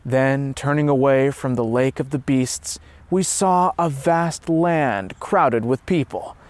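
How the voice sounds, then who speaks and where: A man telling a story in steady, earnest scripted narration. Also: medium pitch, slow pace, dry recording.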